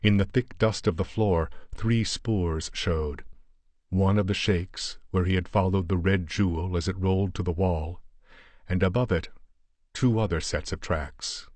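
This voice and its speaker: A man narrating a horror story as an audiobook, in a measured, deliberate way. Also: deep voice, a little mellow, no echo.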